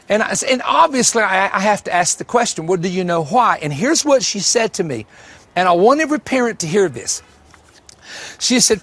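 A high-pitched pastor delivers a sermon with emphatic storytelling energy, repeating key lines for effect and addressing the congregation directly. His fairly bright voice swings widely in pitch at a moderate pace, and it sounds close and dry with no room echo.

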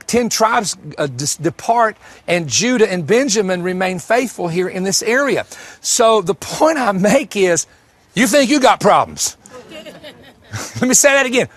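A high-pitched man preaching with emphatic, storytelling energy. He repeats key lines for effect and talks straight to the congregation. His voice sounds close and dry, with no room echo. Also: a bit bright. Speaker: pastor. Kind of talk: sermon.

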